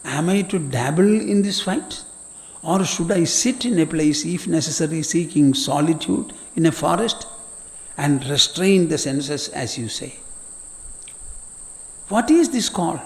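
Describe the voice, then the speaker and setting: A troubled young warrior prince pleads with his charioteer for guidance, his high voice carried by a long reverb that trails into a large hall. The questions come slowly and earnestly, as an elderly man acts the prince out while teaching. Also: animated, gravelly. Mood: pleading. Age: older.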